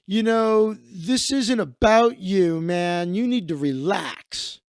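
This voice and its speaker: Man imitating a condescending drunk partygoer, higher voice, patronizing drawl, dry close sound. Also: slow pace, smooth, no echo. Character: pushy drunk male party guest, condescending.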